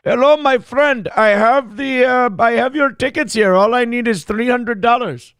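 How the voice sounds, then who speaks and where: A man's voice: very high voice, moderate pace, a bit bright, clean tone, voice pushed up. A man voicing a greedy male online ticket scammer who speaks in fake-friendly, wheedling sales patter.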